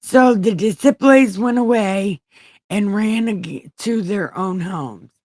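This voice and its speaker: A woman's voice: medium pitch, slow pace, a little mellow, dry recording. A woman hosting an online show, reading scripture aloud with irreverent comic asides and casual swearing. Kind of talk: comedic Bible reading.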